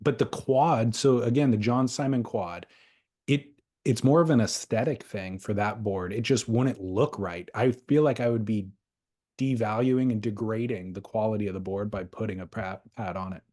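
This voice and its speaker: A podcast host with a fairly low, slightly mellow voice talks at a normal speed about surfboards. His casual chat is loose, rambling, and thoughtful, with restarts along the way.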